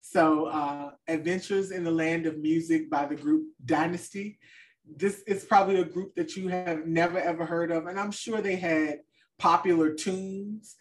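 A woman's voice: on the low side, fairly even intonation, normal speed, distant mic, a little hiss or hum. A woman co-hosting a podcast in casual chat, talking loosely with fillers and trailing off. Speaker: podcast co-host.

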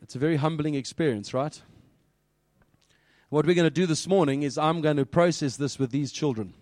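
Male pastor, slightly high voice, lively, keeps quizzing the listeners; dry, close sound. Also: a little fast, dry recording. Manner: lively, questioning the audience, quoting scripture. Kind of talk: children's sermon.

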